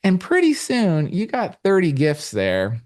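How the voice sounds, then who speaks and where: A middle-aged man talking as a finance guest in a podcast interview, explaining with rhetorical asides and lively emphasis. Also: high-pitched, unhurried. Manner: animated, explanatory, rhetorical "right?". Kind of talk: conversational interview.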